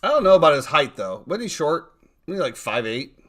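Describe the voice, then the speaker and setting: Rambling, excitable male podcast host. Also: on the high side, brisk. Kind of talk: casual sports chat.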